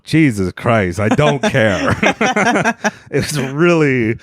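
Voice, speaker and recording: A man's voice: mid-range voice, very animated, drawn-out words, no room sound, studio quality. A man hosting a podcast, joking crudely and teasing his guest in casual chat. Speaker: podcast host.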